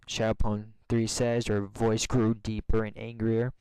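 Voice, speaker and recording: Man reading a fan story, smooth voice. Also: on the low side, monotone, a little slow, few pauses, darkish tone, dry recording, low-quality recording. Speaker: story reader.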